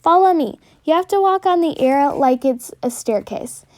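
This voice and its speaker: A woman voicing a bossy female cloud cat who scolds loudly and gives orders. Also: high voice, lively intonation, normal speed. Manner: loud, scolding, commanding.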